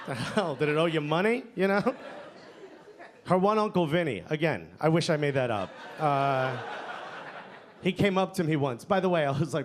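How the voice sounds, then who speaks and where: A man's voice: on the high side, moderate pace. A man doing a stand-up set on a club stage into a handheld mic. He talks in a chatty way, tags his lines with "you know?" and "okay?", and laughs along at his own jokes. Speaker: stand-up comedian. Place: comedy club stage before a live audience. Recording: live club recording, audience laughter and noise.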